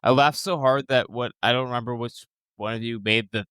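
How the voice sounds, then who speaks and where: Giggly easygoing podcast guest, bright tone. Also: male voice, medium pitch, fairly even intonation, brisk, smooth, dry recording, clean studio sound. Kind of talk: casual podcast chat. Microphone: headset on a video call.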